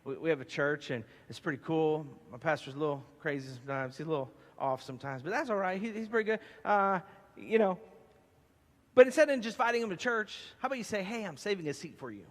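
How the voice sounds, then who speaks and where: A man preaching a sermon as pastor, emphatic and animated with playful asides, in a church sanctuary. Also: a little high, fast. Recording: long hall reverb.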